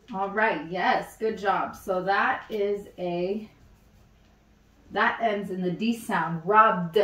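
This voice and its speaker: A woman leads a phonics lesson at a very slow, deliberate pace, repeating each word so it sinks in. Her voice carries the echo of a room and sits back from the microphone. The pitch sits in a middling range. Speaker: teacher. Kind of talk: mock classroom phonics lesson. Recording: echoey room, mic at a distance.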